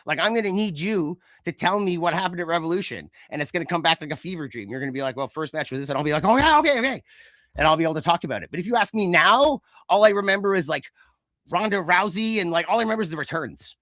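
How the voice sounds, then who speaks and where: High-voiced guy on a podcast, sarcastic animated rant, dry close sound. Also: fast talker, no echo. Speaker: podcast co-host. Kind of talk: casual chat.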